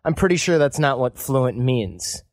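A man hosting a podcast, chatting casually and joking with quick mimicking asides. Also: mid-range voice, very animated, dry recording, clean studio sound. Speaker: podcast host. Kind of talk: casual interview chat.

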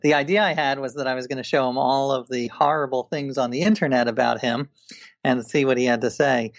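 A man's voice: medium pitch, fairly even intonation, a little fast, gravelly, no room sound. A man, an author and guest, talking in a casual interview, telling stories with enthusiasm and frequent restarts.

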